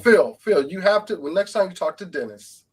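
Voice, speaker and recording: A man's voice: high-pitched, animated, normal speed. A man on a casual podcast panel who talks eagerly and urges the others on. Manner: eager, urging.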